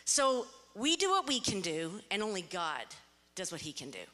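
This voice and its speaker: A woman's voice: medium pitch, very animated, brisk, pushed and bright. A woman sharing a personal testimony at church, telling her story and acting out quoted dialogue. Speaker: church member giving a testimony. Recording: echoey hall.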